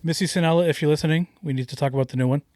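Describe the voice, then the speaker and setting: A man hosting a casual podcast chat, asking quick questions and cracking jokes. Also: fairly high pitch, a little mellow.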